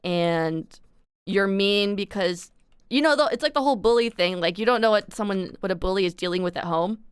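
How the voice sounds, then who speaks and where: A woman's voice: mid-range voice, a little fast, clean tone, no room sound. A young adult woman live streaming, chatting candidly and confessionally to her viewers in slangy, casual talk on a close desk mic. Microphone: desk mic close to the mouth.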